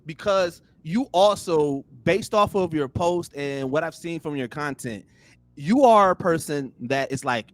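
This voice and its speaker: A young man in casual podcast chat, animated and full of fillers, often circling back with "here's the thing.". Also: on the high side, unhurried, no echo. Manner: animated, repeats "here's the thing" and "you know what I'm saying". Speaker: podcast guest.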